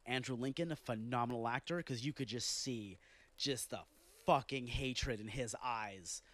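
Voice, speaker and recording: A man's voice: mid-range voice, a bit bright, no echo. A man hosting a podcast, ranting in a blunt, exasperated way and swearing freely as he talks about a TV show. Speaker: podcast host. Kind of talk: casual rant. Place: home living room.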